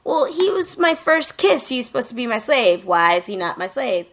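A woman voicing a spoiled, demanding little vampire girl in a shrill, commanding tone. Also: big pitch swings, normal speed. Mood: indignant.

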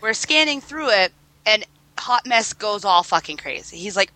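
Bright-voiced woman in dry casual chat. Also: mid-range voice, unhurried, dry recording, low-quality recording. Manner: swears freely, laughs between lines.

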